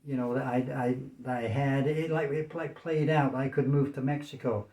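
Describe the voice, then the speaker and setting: Speaking at a moderate pace in a steady, mellow, medium-pitched voice, an American vlogger in his sixties offers casual commentary from a small room in his apartment. He repeats himself and often ends lines with "okay?", and the sound is reverberant.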